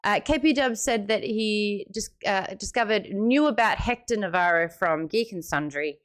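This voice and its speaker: A woman in her late twenties with an Australian accent, hosting a book club livestream in casual chat, reading out viewer comments with sudden squeals and quick asides. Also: mid-range voice. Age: late 20s.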